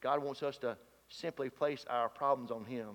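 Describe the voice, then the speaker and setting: A man preaching a sermon in a folksy, animated way, asking his listeners rhetorical questions. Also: mid-range voice, moderate pace. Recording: dull sound with long hall reverb.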